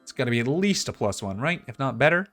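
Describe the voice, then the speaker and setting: A man's voice: mid-range voice, sing-song, fast talker, fairly bright tone. A man streaming a video game, talking casually and chatting as he plays. He pokes fun at himself along the way. Faint game music runs underneath. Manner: chatty, self-mocking. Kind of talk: casual gameplay commentary.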